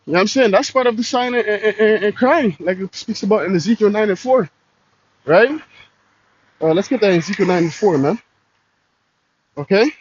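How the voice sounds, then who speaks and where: A man's voice: sits high, slightly rough. A man preaching in a casual street style, slangy and full of "man" and "you know". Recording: dull lo-fi recording.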